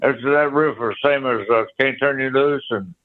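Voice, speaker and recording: A man's voice: medium pitch, moderate pace. An older man, a guest guitarist, telling rambling anecdotes in a casual interview and scatting riffs aloud. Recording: tinny phone line.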